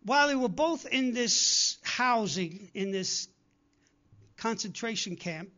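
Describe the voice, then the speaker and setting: A man whose voice sits high and sounds fairly bright delivers a sermon in a recording with the highs cut off. He exhorts his congregation earnestly and repetitively, acting out quoted speakers.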